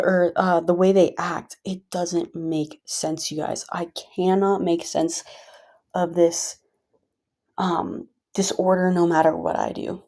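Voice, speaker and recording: A woman's voice: on the low side, mellow. A woman vlogger venting casually to her viewers, frustrated and rambling with many fillers.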